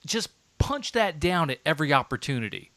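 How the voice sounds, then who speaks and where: A man chats casually on a movie podcast, his voice bright and close to the mic with no room sound. He stops and restarts often and laughs easily. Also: a little high, big pitch swings, dry recording. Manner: halting, many restarts and fillers, laughs often. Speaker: podcast co-host. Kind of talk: casual movie-review chat.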